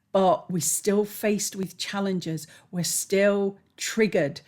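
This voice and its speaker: A woman's voice: medium pitch, a little mellow. A woman, a spiritual mentor, hosting her own channel in an earnest, heartfelt, candid monologue to camera.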